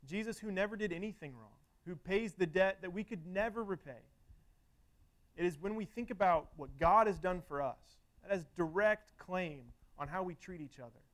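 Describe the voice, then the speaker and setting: A man's voice: high-pitched, normal speed. A man preaching a sermon in an earnest, conversational way, often restarting his phrases and using filler words.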